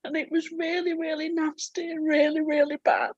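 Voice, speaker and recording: A woman's voice: high-pitched, flat delivery, moderate pace, few pauses, darkish tone, dry recording. A woman sharing candidly and tearfully in a spiritual group call, swearing freely. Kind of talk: emotional sharing. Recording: dry, muffled audio.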